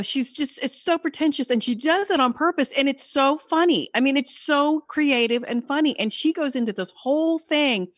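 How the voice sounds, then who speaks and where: A woman's voice: high voice, moderate pace, hardly any pauses, dry recording. Chatty enthusiastic woman, dry sound. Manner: enthusiastic, rambling, many restarts. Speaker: podcast guest, author. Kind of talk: casual podcast chat.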